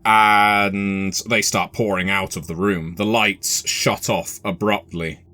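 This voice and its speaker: Bright-voiced, slow-talking male game master. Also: on the low side, steady tone, no room sound. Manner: measured, deliberate narration. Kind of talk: narrating a tabletop horror game.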